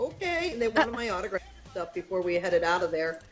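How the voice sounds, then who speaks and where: A woman's voice: fairly low pitch, quick pace, faint music behind, low-quality recording. A woman from Michigan, a podcast guest telling stories in a casual chat and acting out the people she quotes. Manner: animated storyteller, acts out quoted voices. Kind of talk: casual storytelling on a podcast call.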